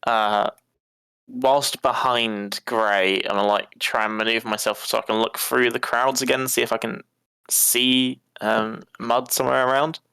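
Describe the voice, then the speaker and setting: A man's voice: medium pitch, level tone, unhurried, vocal fry, sharp tone, clean tone, no echo. A man playing a tabletop game, hesitant and full of fillers. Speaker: player. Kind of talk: casual tabletop game play.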